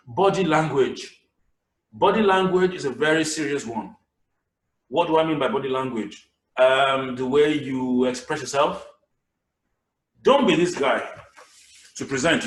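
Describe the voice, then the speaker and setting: A man giving a lively public speaking lesson in a webinar, swinging between loud bursts and whispers. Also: medium pitch, measured pace, pauses often. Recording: echoey room, somewhat distant mic.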